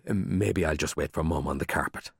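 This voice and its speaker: A man's voice: extremely low pitch, moderate pace, vocal fry, husky, no room sound, clean studio sound, pitched below the performer's own voice, heavily acted. A man voicing a scared, earnest young schoolboy who stammers and pleads. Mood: pleading.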